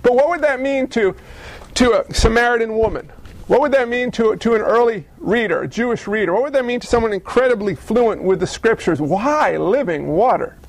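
A man's voice: extremely high pitch, expressive, a little fast. A man preaching a sermon, with rhetorical questions and jokes. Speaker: pastor.

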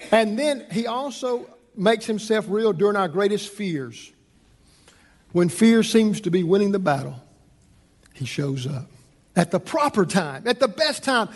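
A high-voiced male pastor delivers a lively sermon and slips into the voices of the people in his story. His voice rings through a church hall with a long reverb trail. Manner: animated, acts out the people in the story.

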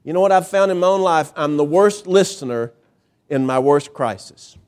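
High-voiced man preaching with emphatic pauses. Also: lively intonation, a little mellow, clear, resonant tone. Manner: emphatic preaching with dramatic pauses and pitch swings. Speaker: pastor. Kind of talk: sermon.

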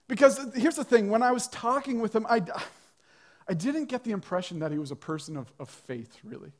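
A man's voice: high-pitched, animated, a little fast. A male pastor preaching a sermon to a church congregation, telling a story in a conversational way with light humor.

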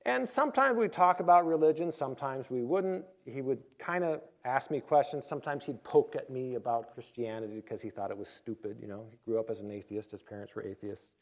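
A man's voice: medium pitch, a little fast, few pauses. A man, a pastor, preaching a conversational sermon, telling a personal story and acting out quoted voices before reading scripture.

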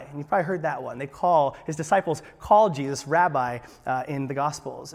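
Animated male pastor in a reverberant hall. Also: high voice. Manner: animated, talks with his hands. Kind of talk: sermon.

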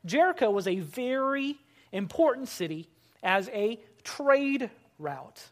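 A pastor delivers a morning sermon in a measured, emphatic way. Important phrases come twice, spoken slowly. Line endings sink low and soft before the next thought picks back up. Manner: emphatic, slowing and dropping quiet at phrase ends; repeats key phrases for weight.

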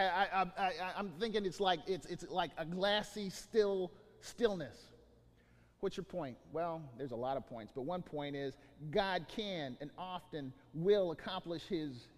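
A man preaching a sermon as the pastor, telling stories with many restarts and lively emphasis. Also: high-pitched, unhurried, in a large hall. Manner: animated storytelling with many restarts.

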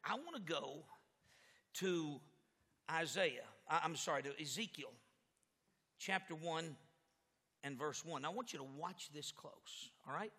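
A man preaching an animated sermon with a live demonstration, who stumbles over repeated words and works himself up to shouting. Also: a little high, unhurried, pauses often, slightly rough. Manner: stammers on repeated words, gets fired up and shouts. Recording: echoey hall with long reverb.

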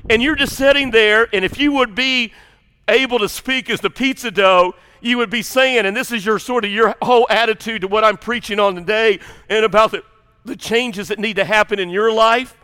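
Male pastor, high, bright voice, animated and rambling with self-deprecating asides. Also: moderate pace, clean tone, in a large hall. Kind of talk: sermon.

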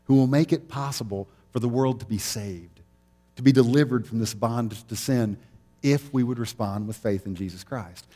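A man's voice: mid-range voice, darkish tone, big-room sound. Male pastor, mid-range voice, chatty storytelling sermon. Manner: conversational storytelling, laughs easily.

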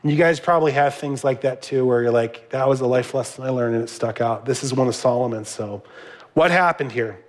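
A man's voice: mid-range voice, brisk. A middle-aged man giving a sermon as a pastor, conversational, with asides to the congregation.

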